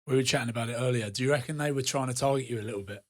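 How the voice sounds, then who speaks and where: Man, podcast host, jokey teasing tone, relaxed conversation. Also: mid-range voice, racing. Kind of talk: casual interview chat.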